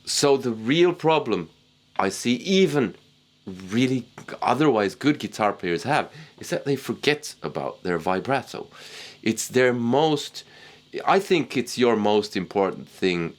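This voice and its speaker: A man teaching guitar technique in a casual, relaxed way, poking fun at himself. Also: mid-range voice, unhurried. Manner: relaxed, self-deprecating, chuckles at himself. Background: guitar playing.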